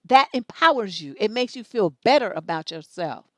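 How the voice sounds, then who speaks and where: A woman's voice: medium pitch, expressive, moderate pace, no room sound. Blunt, scolding woman with dry sound. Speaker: advice show host. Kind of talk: livestream advice commentary.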